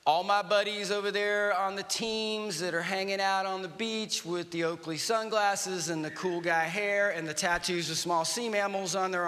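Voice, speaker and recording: High, bright-voiced man in an echoing church. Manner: animated storytelling with acted-out dialogue. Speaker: guest speaker, army veteran. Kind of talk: motivational church talk. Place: church auditorium. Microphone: stage microphone. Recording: reverberant church hall.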